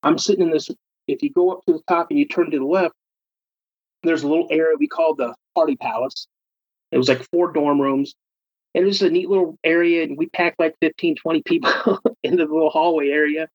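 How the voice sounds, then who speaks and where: Husky man telling a spooky story. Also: fairly high pitch, a little fast. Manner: animated, acts out quoted friends. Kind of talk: casual personal storytelling. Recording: dull lo-fi recording.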